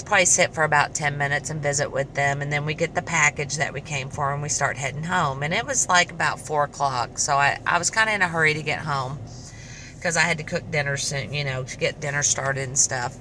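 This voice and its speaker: A middle-aged woman casually telling a personal story to camera, chatty and animated, acting out the dialogue. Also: low voice, fairly quick, a little hiss or hum, poor audio. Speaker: vlogger.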